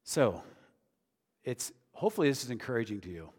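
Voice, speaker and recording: A man's voice: mid-range voice, big pitch swings, a little fast, a little mellow, husky. A man preaching a sermon in an earnest, conversational way that builds to emphatic declarations. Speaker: pastor. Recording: long reverb of a large hall.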